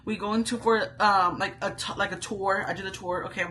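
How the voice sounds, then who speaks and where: A woman's voice: medium pitch, steady tone, a little fast, sharp tone, slight background noise, poor audio. A young woman, a stay-at-home mom, telling a candid story to camera in a chatty, casual way full of asides and slang.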